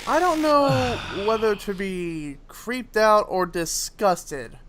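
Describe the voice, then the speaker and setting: A man with a slow cowboy-like drawl cutting a wrestling-style promo. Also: high-pitched, animated, noisy background. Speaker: YouTuber in a played clip.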